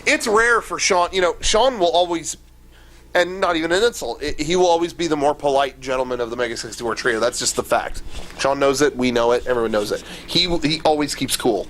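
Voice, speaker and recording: A man's voice: fairly high pitch, brisk, fairly bright tone, a little hiss or hum. A man co-hosting a podcast from a hotel room, telling stories animatedly and mimicking other people. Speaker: podcast co-host. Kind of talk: casual chat.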